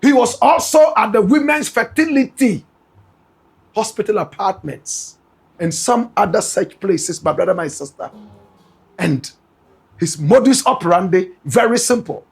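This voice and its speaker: A Ghanaian-accented man delivers emphatic gossip news commentary in a fairly high voice. His voice is very husky and gravelly. He keeps calling out to his audience directly. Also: lively intonation, measured pace. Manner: emphatic, repeatedly addresses listeners as "my brother, my sister".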